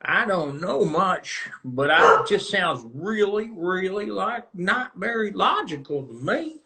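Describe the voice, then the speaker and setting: A man's voice: high voice, very animated, pushed and bright, voice pushed up, exaggerated voice. A man impersonating a folksy politician. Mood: mock-humble. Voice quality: folksy, slow homespun drawl. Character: folksy male Southern politician, mock-simple.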